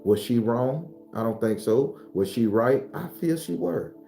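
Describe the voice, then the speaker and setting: Guy preaching spiritual stuff, cusses a lot, mellow voice, echoey room with faint music. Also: expressive, a little slow, vocal fry. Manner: blunt, profane, preachy; gets loud and high-pitched when fired up. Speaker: spiritual teacher. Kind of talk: unscripted spiritual talk.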